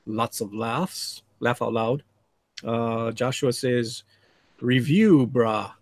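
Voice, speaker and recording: Speaking slowly in a mid-range voice, captured in a dry recording, an artist hosts a live drawing stream. He keeps things laid-back, chatting with call guests and reading the chat aloud.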